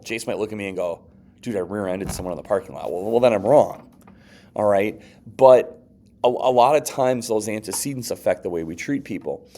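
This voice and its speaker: A man with a fairly low voice teaches a psychology lesson in an easy, chatty way. He checks in with "okay" often and slips into quick acted-out lines of dialogue. He sounds like a relaxed classroom teacher talking straight to his students. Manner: conversational, frequent okays and restarts, acts out quoted lines. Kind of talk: casual classroom lecture.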